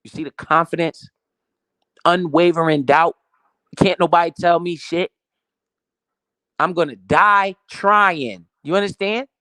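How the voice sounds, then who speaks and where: A man's voice: a little high, fairly even intonation, measured pace, pauses often, sharp tone, no room sound, clean studio sound. A man giving a profane, emphatic motivational rant about money in a casual way. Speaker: motivational finance streamer.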